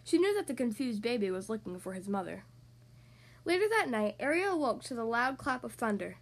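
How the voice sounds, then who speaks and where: High-pitched female host reading picture books aloud to children, expressive. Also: fairly quick. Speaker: podcast host and reader.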